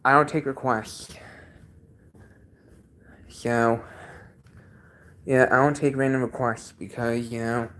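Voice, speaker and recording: A man's voice: mid-range voice, fairly even intonation, a bit bright, a little hiss or hum. A man chatting casually on his own livestream from a basement, sounding congested and often repeating himself as he talks. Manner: halting, repeats each sentence. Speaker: livestream host.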